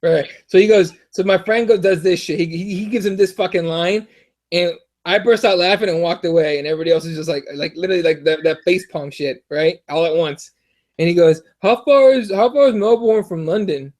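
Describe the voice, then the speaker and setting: A young American man co-hosting a podcast, telling stories in a rambling, profane, animated way with lots of restarts. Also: sits high, brisk. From United States. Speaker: podcast co-host. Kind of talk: casual chat.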